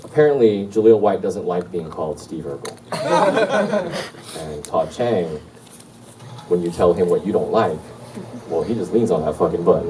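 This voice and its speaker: A man in his forties doing a loose, swearing stand-up set and telling stories, with sudden shouted impressions. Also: sits low, a little fast, noisy background. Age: 40s. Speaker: stand-up comedian. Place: club or hall with a live crowd. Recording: distant mic in a roomy hall, loud crowd.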